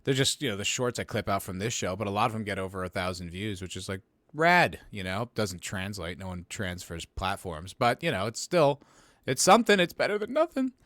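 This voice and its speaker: A man's voice: fairly low pitch, big pitch swings, a little fast, fairly bright tone, no echo. A man hosting a podcast livestream and reading chat messages aloud, rambling casually, swearing and poking fun at himself. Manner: rambling, profane and self-mocking.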